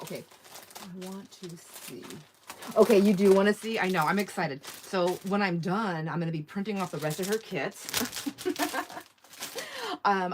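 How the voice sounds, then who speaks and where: A woman's voice: fairly low pitch, slight background noise. A woman hosting a live online sale, chatting casually and rambling as she reads viewer comments aloud. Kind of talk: casual live-stream sales chat.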